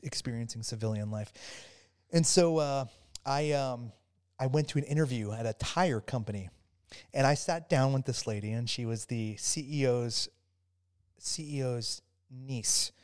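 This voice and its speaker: Halting, stammering man telling a story. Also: mid-range voice. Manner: halting, many restarts, grows animated while telling a story. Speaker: podcast guest, former soldier. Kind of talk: casual storytelling interview.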